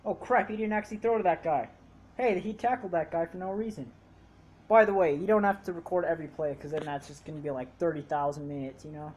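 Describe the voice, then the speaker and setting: A woman's voice: on the low side, fast, darkish tone. Teasing young woman playing a video game. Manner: teasing, laughing, stumbling over repeated words. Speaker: gaming channel host. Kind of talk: casual gameplay chat.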